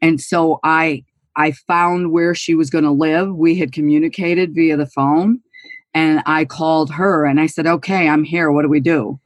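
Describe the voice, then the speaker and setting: A woman's voice: deep voice, steady tone, normal speed, no room sound. A woman in her sixties from New York State, telling her story as an interview guest in an earnest, emphatic, candid way. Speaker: guest, former college golfer.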